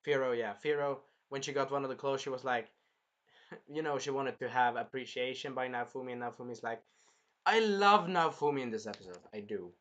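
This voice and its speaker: A man hosting a casual anime review, rambling and animated, swearing freely as he recaps an episode. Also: medium pitch, brisk, muffled recording. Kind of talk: casual chat.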